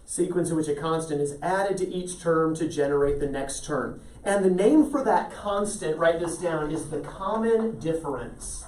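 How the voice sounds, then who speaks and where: A man's voice: fairly high pitch, normal speed, hardly any pauses, a little mellow. A man teaching a math class, explaining each step patiently and calling on students by name. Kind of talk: classroom lecture. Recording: echoey classroom, mic at a distance.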